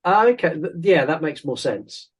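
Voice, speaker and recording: A man's voice: on the high side, sing-song, normal speed, husky. A man co-hosting a podcast, chatting casually and jokingly as he reviews a horror film. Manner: rambling, jokey, self-interrupting. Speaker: podcast co-host.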